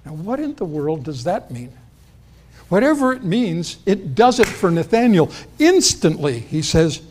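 In a sing-song, slightly mellow voice at a measured pace, a man preaches an expository sermon. He keeps it conversational and performs the quoted lines with rising pitch.

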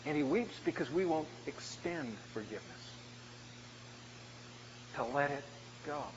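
A man preaching a sermon as a pastor, swinging from loud emphatic lines to hushed, quiet ones. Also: on the high side, lively intonation, a little slow. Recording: dull, lo-fi church recording with long reverb and faint noise.

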